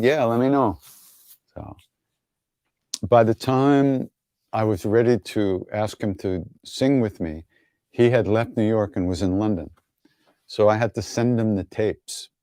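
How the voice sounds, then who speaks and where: A man's voice: on the low side, dark tone, no echo, clean studio sound. A man hosting an online gathering, answering viewer questions in an easygoing, wry way, telling stories with many fillers and chuckles. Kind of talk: casual online Q&A storytelling.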